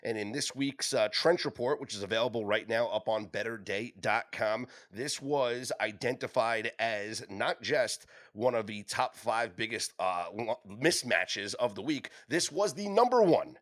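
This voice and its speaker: A man's voice: medium pitch, unhurried, hardly any pauses, fairly bright tone. A man hosting a sports betting podcast, leading the rundown in a casual chat and often stumbling over repeated words.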